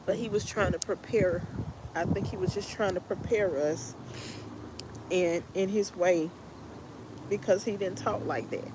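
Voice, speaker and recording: A woman hosting a podcast, telling a personal story in a halting, heartfelt way while tearful. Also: medium pitch, steady tone. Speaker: podcast host. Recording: noticeable background noise.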